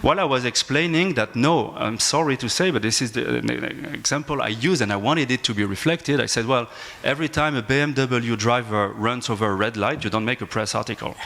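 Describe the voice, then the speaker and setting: A man with a French accent speaks as an academic on a conference panel. He pauses often, fills gaps with fillers and restarts his phrases. His pitch sits in the middle range. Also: gravelly, a bit bright. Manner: hesitant, frequent restarts and fillers. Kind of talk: panel discussion remarks.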